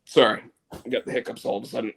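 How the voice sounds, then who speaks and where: A man's voice: mid-range voice, little pitch movement, fast talker, gravelly. Opinionated man chatting loosely. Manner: rambling, opinionated, many restarts. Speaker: co-host. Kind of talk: casual wrestling chat.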